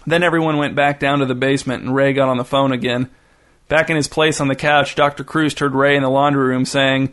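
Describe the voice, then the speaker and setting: A man narrating an audiobook in a dry, deadpan way. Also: medium pitch, brisk.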